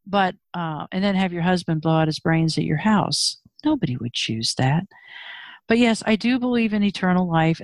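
A woman's voice: low-pitched, darkish tone, no echo. Frank, wry woman telling a personal story. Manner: emotional, frank, with wry humor. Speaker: interview guest.

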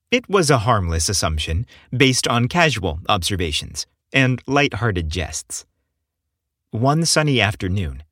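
A man narrating an audiobook story in a slow, expressive reading. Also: lowish voice, no room sound, studio quality.

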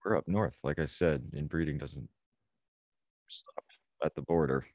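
A man co-hosting a podcast, throwing in dark jokes and short quips. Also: extremely low pitch, a little slow, no room sound, studio quality. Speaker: podcast co-host. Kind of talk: casual profane chat.

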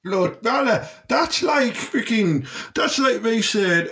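A man's voice: very high voice, expressive, slow pace, few pauses, a bit bright. A man, joking crudely and mocking his co-host on a comedy podcast. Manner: playful, mocking, breaks into silly voices. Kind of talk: crude comic banter.

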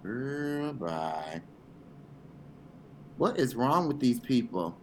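A man co-hosting a casual podcast, sassy in his reactions and quick to break into angry rants. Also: medium pitch, sing-song, a little mellow, a little hiss or hum. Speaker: podcast co-host. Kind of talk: casual chat.

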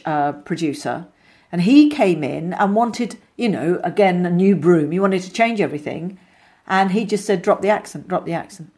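A middle-aged woman, an actress being interviewed, telling lively anecdotes with many restarts and asides. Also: medium pitch. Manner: chatty, animated storyteller with many restarts.

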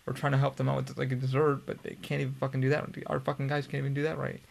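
A man's voice: medium pitch, monotone, racing, gravelly. A young man hosting a podcast, telling a long story in a casual, profane, rambling way. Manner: profane, rambling, laid-back. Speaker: podcast host.

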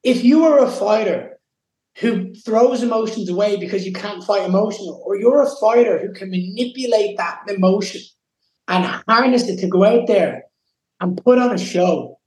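Young man, Irish accent, high voice, emotional, swearing, echoey room. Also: a little mellow. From Ireland. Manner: intense, emotional, swears freely. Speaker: guest fighter. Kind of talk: casual interview.

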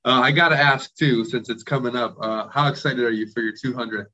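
A man's voice: medium pitch, brisk. Male interviewer from Ohio; easygoing and chatty; muffled lo-fi recording. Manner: relaxed and friendly, laughs easily. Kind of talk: casual interview.

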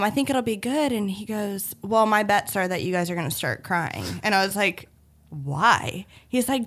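A young woman hosts a podcast in a casual, friendly way, her voice sitting at an ordinary middle pitch. She teases her guest lightly as they talk. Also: fairly bright tone. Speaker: podcast host.

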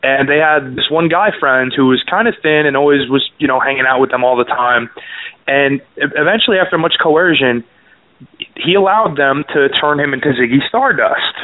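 A man's voice: mid-range voice, moderate pace, no echo. Dry-humored man from Canada on a narrow line. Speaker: radio show co-host. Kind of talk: casual storytelling on a talk show. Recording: phone-like narrow sound, dry.

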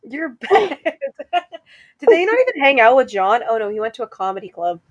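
A young woman chatting casually as a podcast co-host, playful and quick to laugh. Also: on the high side, sing-song, dry recording, muffled recording. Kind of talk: casual chat.

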